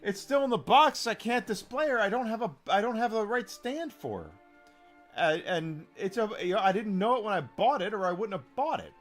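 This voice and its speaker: A man's voice: high voice, lively intonation, fairly quick, faint music behind. A man streaming a game who rants casually to his chat, emphatic and profane, repeating phrases for stress.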